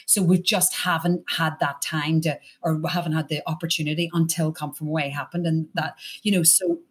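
Woman, Irish accent, middle-aged, breathy, lowish pitch, rambling casual chat. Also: flat delivery, brisk. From Ireland. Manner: rambling, full of restarts and fillers. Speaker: stage actor guest.

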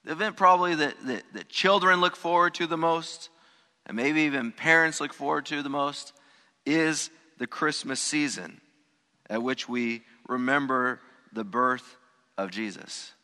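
A man's voice: a little high, measured pace, bright, forceful tone, long reverb tail. A man preaching a sermon as pastor, emphatic, stressing key words and repeating phrases for weight. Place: church sanctuary.

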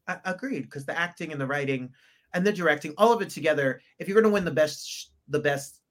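A man's voice: fairly high pitch, fast talker. A man from England with a put-on American accent co-hosts a casual podcast chat. He is playful and theatrical, tossing in silly asides and mock-dramatic words. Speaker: podcast co-host.

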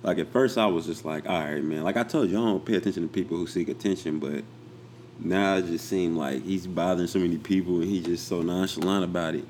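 A man's voice: low-pitched, fast, darkish tone, a little hiss or hum. A man co-hosting a casual chat, laid-back and slangy, rambling with lots of fillers. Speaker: podcast co-host.

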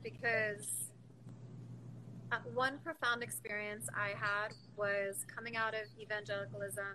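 Earnest woman host with background noise. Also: mid-range voice. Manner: earnest, reflective, conversational with frequent "like". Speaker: podcast host. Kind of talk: interview conversation.

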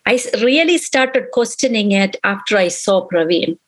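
A middle-aged woman, a grieving mother, slowly and emotionally recounting events in an interview and quoting what others said to her. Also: medium pitch, lively intonation, fairly bright tone, low-quality recording.

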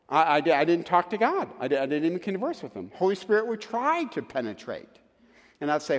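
A man delivers a sermon in an animated storytelling manner, slipping into acted asides and quick rhetorical questions. His voice sits high and moves a great deal in pitch. The sound carries the long reverb of a large hall. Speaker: pastor.

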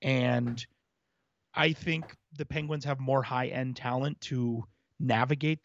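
A man's voice: mid-range voice, steady tone, takes it slowly, no room sound, lo-fi sound. A man co-hosting a hockey podcast in casual chat, laying out his points at length in an analytical way. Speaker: podcast co-host.

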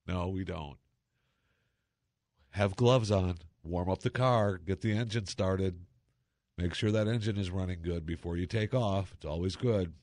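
A low-pitched man rambles through a talk-show monologue with a chatty, sarcastic edge. His voice sits in a dry, close space with no room sound around it, and he peppers his talk with exclamations and wry asides. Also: a bit bright, dry recording. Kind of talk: casual monologue.

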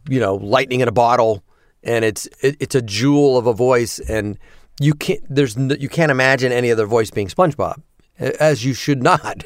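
A middle-aged man, a voice actor, chatting in an interview and breaking into quick character voices as he tells stories. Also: medium pitch, dry recording, studio quality. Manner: animated, slips into quick character voices mid-story. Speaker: voice actor guest. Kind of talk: casual interview chat.

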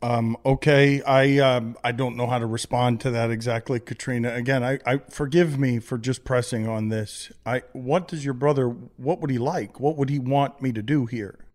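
A man's voice: mid-range voice, steady tone, moderate pace, hardly any pauses, a little mellow. A male radio host speaks in a mid-range voice, stopping and restarting politely as he handles a strange call. His manner is apologetic and careful.

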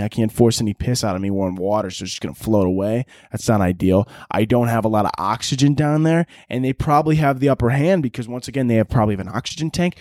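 Crude rambling comedian, dry mic. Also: male voice, mid-range voice, dry recording. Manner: crude, rambling, bursts into shouted voices. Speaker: podcast host. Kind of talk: comedic monologue answering listener questions.

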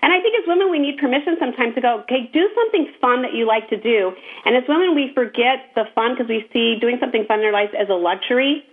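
Earnest higher-voiced woman co-host. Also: fast talker, few pauses. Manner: encouraging, earnest, motivational. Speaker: podcast co-host. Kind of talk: casual chat. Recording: tinny phone-line sound.

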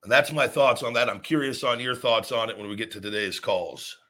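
A man of ordinary pitch hosts his own podcast in a solo rant. He talks bluntly and combatively, swearing freely and often restarting or repeating his sentences mid-thought. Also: a little fast, sharp tone. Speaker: podcast host.

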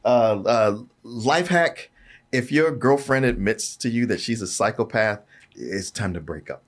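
A man's voice: on the low side, animated, measured pace. A man co-hosting a casual podcast chat, mostly giving short reactions and wry remarks.

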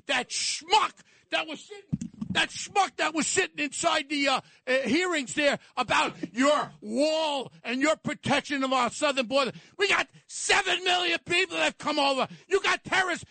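Loud ranting older New man. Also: very high voice, gravelly. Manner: loud, ranting, shouts insults. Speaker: radio host. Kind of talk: talk radio rant.

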